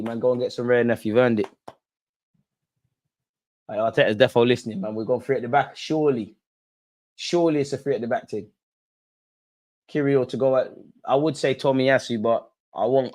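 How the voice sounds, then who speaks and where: A young man hosts a live football watch-along and talks straight to his viewers. He reacts to every moment of play in quick, slangy bursts and keeps pleading with the players. His voice sits at an ordinary middle pitch. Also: darkish tone.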